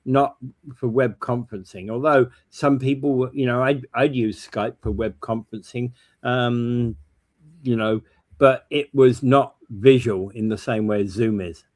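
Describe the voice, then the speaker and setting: A man's voice: mid-range voice, fairly even intonation, unhurried. A man co-hosting a morning talk show, explaining technology in a casual, informative way. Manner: explanatory, tech-minded. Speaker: co-host. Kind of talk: casual chat.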